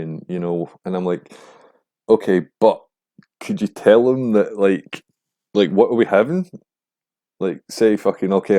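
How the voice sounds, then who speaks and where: A young man hosting a podcast, rambling casually and swearing, getting animated when he mimics other people. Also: low-pitched. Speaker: podcast host. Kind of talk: casual monologue.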